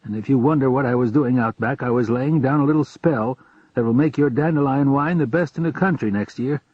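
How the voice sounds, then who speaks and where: A man's voice: medium pitch, brisk, slightly rough, no echo, lightly acted. A man voicing a wary wizard who speaks in a guarded, courteous and wry manner. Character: wary middle-aged male wizard, dry wit. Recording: dull lo-fi recording.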